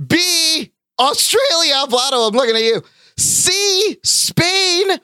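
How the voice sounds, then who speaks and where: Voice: very high-pitched, very animated, slow, pushed and bright, no echo. A playful quiz host reading out questions and teasing the contestants in a comedy show. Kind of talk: comedy game show hosting.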